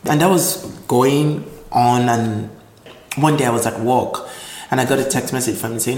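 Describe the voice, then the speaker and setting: A man from Nigeria telling his life story in an interview, animated and acting out voices in the quotes. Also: medium pitch, moderate pace. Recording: roomy echo with faint ambience.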